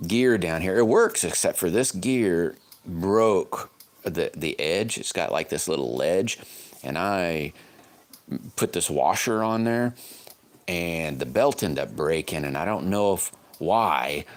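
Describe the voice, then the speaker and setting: A man hosting a casual livestream, chatting with viewers in a folksy, rambling way from his home workshop. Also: low-pitched. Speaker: livestream host. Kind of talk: casual live-stream chat, answering comments.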